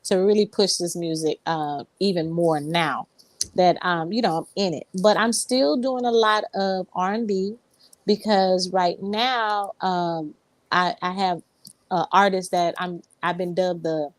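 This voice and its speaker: Low-voiced woman singer telling stories. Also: a little slow, dry recording. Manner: rambling, many fillers and restarts. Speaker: Southern soul singer, guest. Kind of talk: casual interview storytelling.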